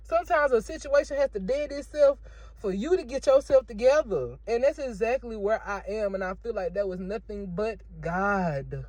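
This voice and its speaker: A woman's voice: on the high side, expressive, normal speed, a little mellow, no echo. Emotional woman giving a testimony. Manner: emotional, repetitive, preachy. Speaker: vlogger sharing a faith testimony. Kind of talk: casual testimony vlog. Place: in her car.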